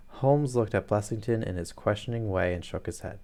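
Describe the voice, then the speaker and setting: A man reading a detective story aloud on a live stream, steady and plain, with the odd joking aside. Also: lowish voice, a little fast, creaky, few pauses.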